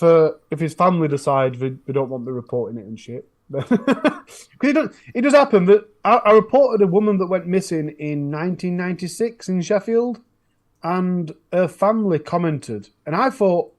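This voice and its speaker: A northern English man talks in a loose, casual podcast chat. His voice sits a bit high for a man. He tells long stories with frequent false starts and restarts. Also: animated, a little fast. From northern England. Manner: rambling storytelling with frequent restarts. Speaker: true crime YouTuber, podcast regular.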